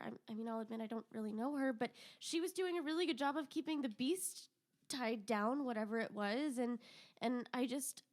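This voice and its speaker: A woman's voice: sits high, a little mellow. A woman voicing an earnest young princess who pleads and stammers in a tabletop game.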